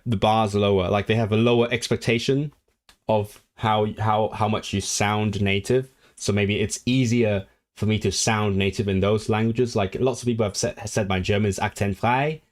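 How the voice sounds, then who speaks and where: A man from Hong Kong hosting a language livestream, reading viewer comments aloud and rambling through his replies with many restarts. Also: fairly low pitch. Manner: rambling, self-correcting, reads viewer comments aloud and responds animatedly.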